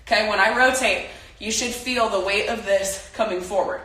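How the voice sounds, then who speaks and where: Young woman demoing a home workout, bright-voiced, recorded in an echoey room from a distance. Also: mid-range voice, normal speed. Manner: chatty, coaching, talks while exercising. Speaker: softball player leading a workout. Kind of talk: casual home workout demo. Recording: echoey room, mic from afar.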